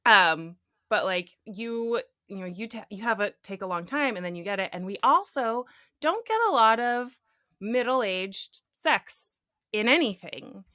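Bright-voiced woman podcast co-host. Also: medium pitch, animated, a little slow, no room sound, clean studio sound. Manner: chatty, laughs often, many fillers. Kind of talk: casual podcast chat.

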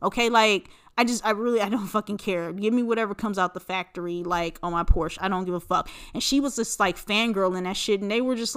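Her voice is mid-range, slightly bright, and clean. She's a podcast host in her forties going solo, speaking casually in a rambling, foul-mouthed, no-nonsense way packed with fillers.

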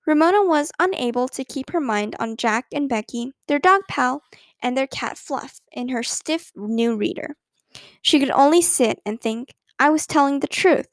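A woman reads a children's storybook aloud with an expressive, lively delivery. Her voice is high and the sound is close and dry, with no room around it. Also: normal speed, dry recording. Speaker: narrator.

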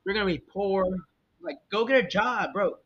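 A man's voice: lively intonation, normal speed, fairly bright tone. Rambling young man on a muffled mic. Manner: rambling, opinionated, many fillers and restarts. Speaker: podcast host. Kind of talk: casual solo podcast chat. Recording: muffled lo-fi mic with faint rumble. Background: faint jazz music.

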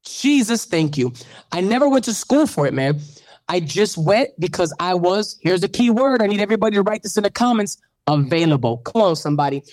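A man's voice: high voice, animated, fairly quick, a little mellow, dry recording. Man, radio host, preacherly testimony, rising fervent calls, dry close sound. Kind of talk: animated testimony in an interview.

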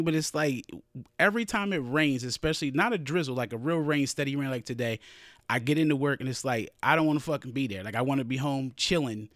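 A man co-hosting a podcast in casual chat, telling stories in a profane, animated way with frequent laughter. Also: mid-range voice, fast talker, no room sound, clean studio sound. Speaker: podcast co-host.

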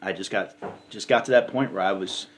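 A man's voice: sits low, brisk, background noise. A man in casual conversation, telling a personal story in an earnest, rambling way, often saying "you know" and "man". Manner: candid and emotional in tone. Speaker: podcast guest sharing his recovery story. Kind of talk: casual chat.

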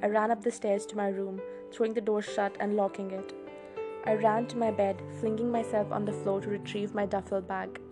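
A woman hosting a read-along show, reading a novel aloud with expressive storytelling. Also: mid-range voice, moderate pace, loud music behind the voice. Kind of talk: audiobook reading.

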